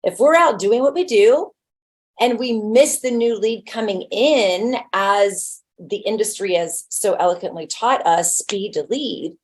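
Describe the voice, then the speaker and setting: Speaking at a measured pace, this female real estate agent has a mid-range, somewhat dark voice. Her casual webinar talk is blunt and conversational, illustrated with homely, everyday examples.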